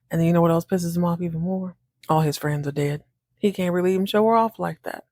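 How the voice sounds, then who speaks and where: A woman hosting a podcast, recapping a TV episode in an animated, chatty way, acting out the characters' lines and laughing often. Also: lowish voice, fast talker, dry recording, clean studio sound. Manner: animated, acts out characters' lines in shifting voices. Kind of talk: casual recap monologue.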